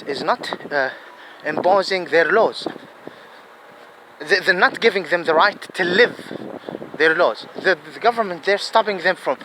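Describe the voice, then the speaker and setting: A man's voice: sits high, heavy background noise. A man vlogging in a rambling opinion monologue, pleading and repeating himself emphatically.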